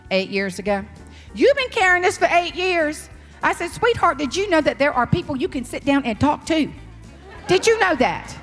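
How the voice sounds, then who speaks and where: A middle-aged woman with a Southern US accent telling a sassy, animated story as a professional speaker before an audience in a large hall. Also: on the high side. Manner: sassy, animated storyteller who acts out quotes. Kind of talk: storytelling keynote speech. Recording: live stage talk in a reverberant hall.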